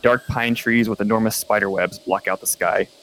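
Low-voiced man running a tabletop game. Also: fairly even intonation, moderate pace, fairly bright tone, slight background noise. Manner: loose conversational narration with filler words. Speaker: game master.

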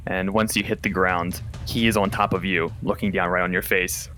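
Deep-voiced man narrating as game master. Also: level tone, moderate pace, pushed and bright, soft background music. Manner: vivid, descriptive, with casual fillers.

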